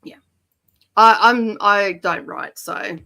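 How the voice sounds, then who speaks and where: A woman's voice: medium pitch, slow, creaky, pushed and bright. A woman with an Australian accent co-hosting a live stream, chatting casually and laughing often. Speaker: livestream co-host.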